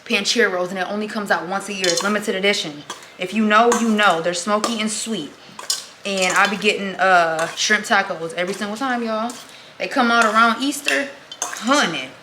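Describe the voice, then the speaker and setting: A woman's voice: mid-range voice, normal speed. Pregnant woman chatting away while she cooks, calls everyone girl and y'all, noisy kitchen with clicks in the background. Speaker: vlogger. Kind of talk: casual chat while cooking. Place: home kitchen.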